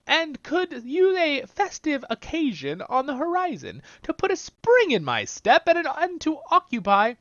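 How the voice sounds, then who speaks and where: A man's voice: extremely high pitch, dry recording, lo-fi sound, pitched above the performer's own voice, exaggerated voice. A man voicing a lonely, polite male hobbit homebody in a raised, old-fashioned voice.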